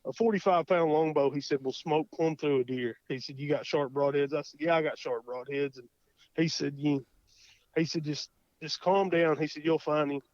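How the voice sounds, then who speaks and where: A man with an Oklahoma accent, a guest telling a hunting story in a casual interview, folksy and animated, acting out his own thoughts. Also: on the high side, moderate pace, no echo. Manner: folksy, animated, lots of quoted self-talk. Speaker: guest hunter. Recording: muffled dry podcast audio.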